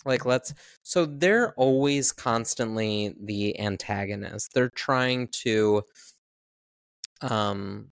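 A man co-hosting a podcast in casual chat about a film, relaxed and full of fillers. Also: medium pitch, takes it slowly, clear, resonant tone, no echo, studio quality. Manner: relaxed, many fillers like "um" and "you know". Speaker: podcast co-host.

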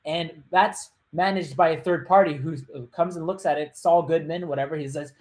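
A man's voice: fairly high pitch, steady tone, darkish tone, slight background noise. Chatty male podcast host. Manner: chatty, loose, with joking asides and quick put-on voices. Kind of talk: casual storytelling monologue.

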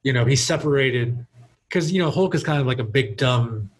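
A man's voice: mid-range voice, moderate pace, husky, rough recording. A man hosting a casual podcast discussion in an easygoing way, reading passages aloud and then giving his take. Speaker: podcast host.

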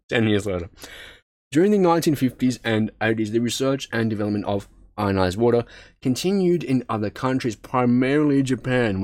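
A man's voice: mid-range voice, a little mellow. A man reading text aloud with frequent stumbles and self-corrections, breaking off into casual asides. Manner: stumbles over words, swears and laughs at himself; reads aloud, then breaks into chatty asides.

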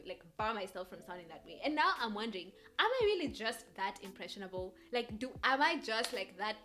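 A woman's voice: a little high, a bit bright. A young woman from Kenya with a Kenyan accent drifting American, hosting a casual solo podcast chat and hopping between thoughts with frequent laughs. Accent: Kenyan English drifting American. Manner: rambling, hops between thoughts, laughs often. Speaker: podcast host.

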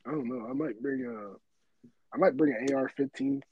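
A young man in casual chat, slangy and animated, laughing often. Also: mid-range voice, fairly quick, husky, narrow, tinny audio.

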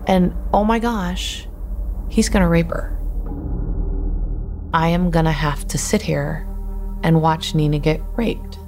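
A woman who survived an attack, telling her story in urgent present tense. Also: fairly low pitch. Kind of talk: recounted personal testimony.

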